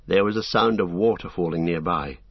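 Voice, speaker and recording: Low-voiced man narrating a fantasy audiobook. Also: creaky, dry recording. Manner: measured, dramatic storytelling. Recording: dull, muffled audiobook recording.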